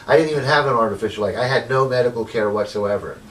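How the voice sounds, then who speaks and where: Somewhat low in pitch and racing through his words, this man is picked up by a distant mic in a rough recording. In an interview he rambles through his life story as a formerly homeless man, leaning on "you know" and replaying what others told him.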